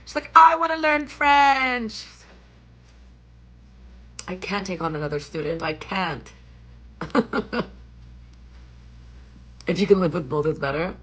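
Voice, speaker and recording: A woman's voice: deep voice, unhurried, long pauses, slightly rough, poor audio. A young woman vlogging casually from a hotel room, chatting with her viewers, reading out their questions and swearing freely. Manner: chatty and animated, swears often, reads out chat questions. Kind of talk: casual chat.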